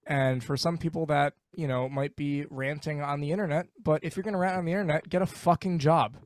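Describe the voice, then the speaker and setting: A man's voice: on the high side, fairly even intonation, a little fast, dry recording, clean studio sound. A man speaking as a guest on a podcast, ranting bluntly and with animation in casual conversation.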